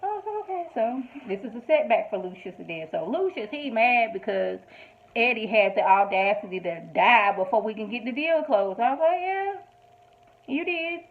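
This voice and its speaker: Over thin, phone-like audio, a chatty woman reviews a TV episode, recapping it casually in a mid-range voice at an even, moderate speed. Her storytelling is lively and emphatic, with lines quoted as asides.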